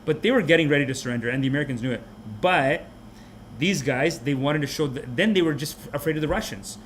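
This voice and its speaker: A man hosting a podcast, delivering a comic rant of a movie review in an animated, mocking way. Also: on the high side, slight background noise. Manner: animated, mocking, puts on quick character voices. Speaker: podcast host.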